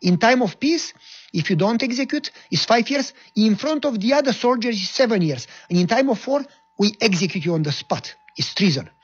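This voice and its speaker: A man's voice: high voice, expressive, brisk, creaky, breathy edge, dull audio, voice pushed up, exaggerated voice. A man voicing a furious, bullying male army captain who barks threats and orders. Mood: threatening. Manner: shouting threats, barking orders.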